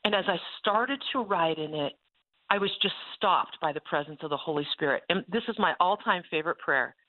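Lady telling a faith story on the phone, lively and laughing, sounds thin like a phone call. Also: fairly low pitch, brisk. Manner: expressive storyteller, laughs often. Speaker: author guest. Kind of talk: animated faith testimony. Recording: phone-like line.

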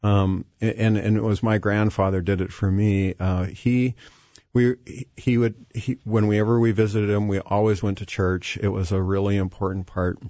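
A man's voice: lowish voice, flat delivery, normal speed, mellow, no echo. A man guest talking about faith in a hesitant way, with many fillers and restarts. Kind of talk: faith-based conversation. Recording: dull, dry lo-fi sound.

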